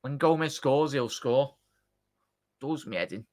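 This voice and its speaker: Excitable man hosting a football watchalong. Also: mid-range voice, unhurried. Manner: excitable, chatty, addresses chat directly. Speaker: watchalong host. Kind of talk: live football watchalong commentary.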